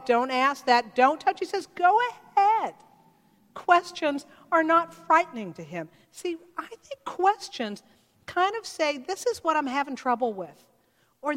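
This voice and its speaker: A woman pastor with a high voice preaches in a church. She talks to the congregation in a conversational way, often asking them questions. The sound carries a long hall reverb. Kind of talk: sermon.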